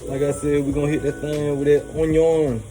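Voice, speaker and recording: A man's voice: fairly high pitch, little pitch movement, fairly quick, mellow, poor audio. Hyped slangy man cooking, music behind. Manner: hyped, slangy, talks straight to viewers. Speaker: cooking show host. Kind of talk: casual cooking demo. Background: music playing.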